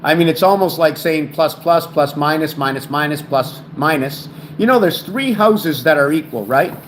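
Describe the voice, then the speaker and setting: Expressive and on the high side, a man's voice moves at normal speed as he hosts his own channel and explains theories about words and numbers. He rambles and stumbles, often restarting words and thinking aloud in this solo video talk. The home camera setup picks up slight background noise.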